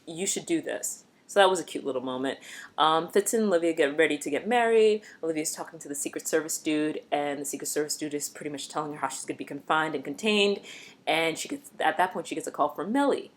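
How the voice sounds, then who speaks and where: A woman vlogger giving a casual, expressive recap of a TV episode, chatty and blunt. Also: low voice, quick pace.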